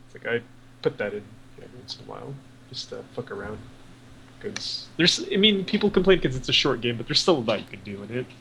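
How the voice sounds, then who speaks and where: A man talks casually on a podcast, rambling through his thoughts with plenty of fillers and the odd curse. His voice has a gravelly, creaky edge. A faint noise sits under the recording. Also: medium pitch, sing-song, quick pace, sharp tone, low-quality recording. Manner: rambling, profane, lots of fillers. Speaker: podcast co-host. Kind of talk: casual gaming chat.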